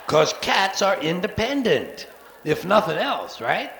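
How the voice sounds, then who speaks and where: A man's voice: high-pitched, lively intonation, fairly quick, fairly bright tone, echoey room. A man in his forties doing a profane, sarcastic stand-up routine on a live theater stage, recorded from the soundboard. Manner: profane, sarcastic, acts out cat voices. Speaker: stand-up comedian.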